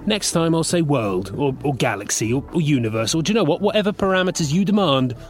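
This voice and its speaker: An actor playing a fussy, easily exasperated football chief executive in a comedy audio drama. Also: male voice, a little high, expressive, fast talker, faint music behind, close to an everyday voice. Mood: firm.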